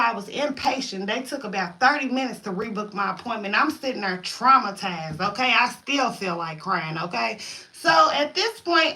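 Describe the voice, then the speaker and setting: A woman. Her voice sits a little high and rings bright and forceful. She tells it casually, full of slang and big reactions. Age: 30s. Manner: animated, dramatic retelling with slang. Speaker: storytime vlogger. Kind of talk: casual storytime vlog.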